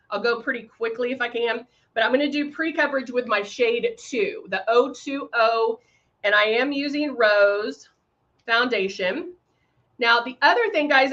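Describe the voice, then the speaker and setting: A chatty woman hosts a live makeup tutorial, her voice set a little high. She sounds bright and forceful, greeting viewers by name between steps. The audio is dull and lo-fi. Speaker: makeup livestream host. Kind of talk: casual live tutorial chat.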